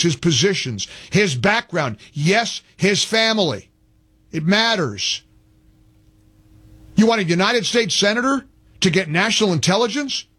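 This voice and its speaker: Older guy on talk radio, kinda high voice, heated rant, keeps restarting lines. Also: a bit bright. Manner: heated, ranting, repeats himself, frequent restarts. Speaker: radio talk show host. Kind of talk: political talk radio monologue.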